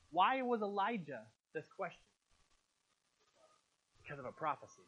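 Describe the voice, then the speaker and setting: A man's voice: sits high, animated, brisk, fairly bright tone. A male pastor giving a sermon, emphatic and questioning his congregation. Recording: muffled lo-fi recording.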